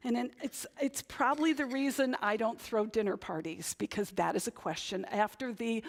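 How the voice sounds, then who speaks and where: With few pauses and a normal speed, a woman pastor speaks in a slightly high voice during a chatty church sermon. She hails from Northern New England and frequently ends her points with "right?"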